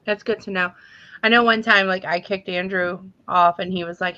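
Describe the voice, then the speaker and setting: A woman hosting a casual livestream chat, chatty with quick reactions. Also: mid-range voice, steady tone, pushed and bright. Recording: dull lo-fi stream audio.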